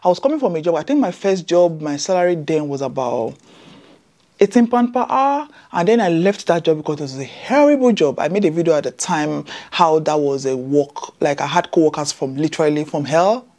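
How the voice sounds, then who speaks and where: A woman's voice: low voice, lively intonation, a little fast, warm tone. A woman in her thirties from Nigeria, speaking, chatting to viewers as a nurse vlogger and telling her story with emphatic asides. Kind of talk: casual vlog talk to camera. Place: Scotland.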